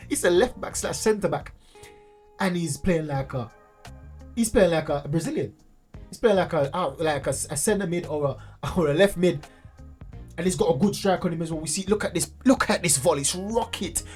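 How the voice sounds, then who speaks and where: A man hosting a fan channel, commenting casually and excitedly over highlight clips, often repeating himself and restarting sentences. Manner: excitable, repeats phrases, many restarts and fillers. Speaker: football fan channel host.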